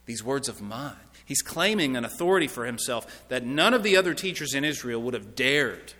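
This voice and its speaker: Emphatic preacher man, bright voice, hall echo. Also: mid-range voice, animated, moderate pace. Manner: earnest, emphatic, with repeated phrases. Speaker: pastor. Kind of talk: sermon. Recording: long reverb of a large hall.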